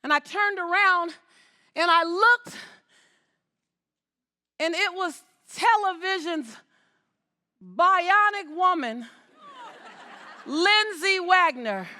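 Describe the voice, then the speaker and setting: Woman, motivational speaker, high and bright, punchy and repetitive, talking to a live crowd. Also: lively intonation, very slow, long pauses. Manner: emphatic, repeats phrases, calls out to the audience. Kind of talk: inspirational stage talk. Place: stage before a live audience.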